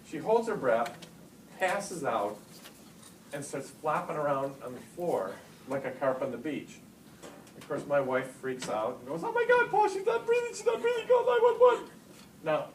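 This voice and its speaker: A middle-aged man giving a live talk to teachers and parents, telling stories in an animated way and getting loud for punch lines. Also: mid-range voice. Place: large hall with audience. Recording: echoey hall, distant mic, noisy.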